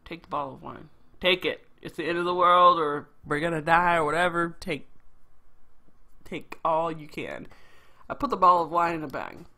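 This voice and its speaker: A game streamer reading a story game's narration aloud, with quick asides of their own. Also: medium pitch, bright, forceful tone.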